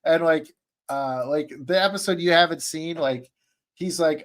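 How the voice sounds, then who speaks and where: A man on a streamed podcast call, recapping an anime in a rambling, excitable way, full of fillers and restarts. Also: on the high side, moderate pace. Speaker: podcast panelist. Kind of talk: casual chat, recapping an anime.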